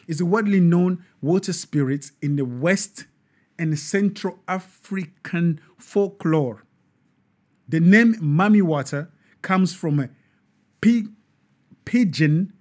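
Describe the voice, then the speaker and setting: A man hosting a live online show, talking in an animated, preachy way with frequent restarts and self-corrections. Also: on the high side. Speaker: host.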